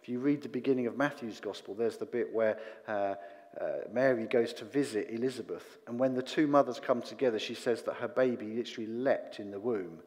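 A man giving a sermon in a relaxed, conversational way, with self-deprecating asides and fillers. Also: mid-range voice, brisk. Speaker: preacher. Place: church hall. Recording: long church reverb.

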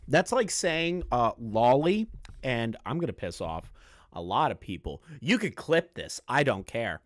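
A man hosting a reaction commentary, speaking bluntly and crudely and slowing down hard to stress his points. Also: mid-range voice, big pitch swings, dry recording, clean studio sound. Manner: blunt, crude, slows down for emphasis. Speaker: commentary host.

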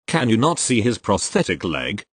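A man voicing a calm bystander who steps in to defend someone. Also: on the low side, moderate pace, breathy edge, no room sound, full character voice. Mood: firm. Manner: calm, reasonable.

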